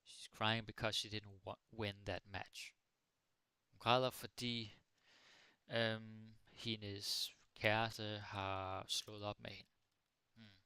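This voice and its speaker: Male Danish tutor, easygoing and jokey; low, gravelly, bright-edged voice; close, dry mic. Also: slow pace, no echo. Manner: relaxed, playful, mixing Danish and English with jokey examples. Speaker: Danish language teacher. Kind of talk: casual live-stream language lesson. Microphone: close microphone.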